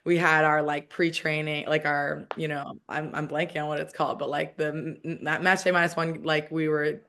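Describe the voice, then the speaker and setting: A woman's voice: low voice, flat delivery, brisk, a bit bright, a little hiss or hum. A woman in her thirties in a casual interview, talking in a chatty way with lots of "like" and restarts. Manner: chatty, heavy use of "like", frequent restarts. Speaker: guest, professional soccer player.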